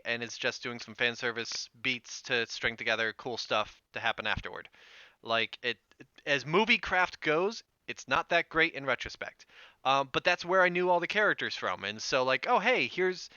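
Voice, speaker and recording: A man co-hosting a gaming podcast in casual chat, talking in lively quick bursts, with a head cold. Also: mid-range voice, clean tone, no echo. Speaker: podcast co-host. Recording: dry, slightly dull remote stream.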